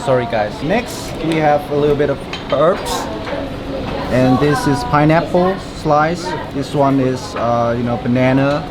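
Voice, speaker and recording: A woman's voice: extremely low pitch, a little slow. A woman from Vietnam, patiently explaining step by step how to eat a dish. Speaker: local guide showing how to eat. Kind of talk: casual explaining. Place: busy indoor restaurant. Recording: loud crowd chatter behind.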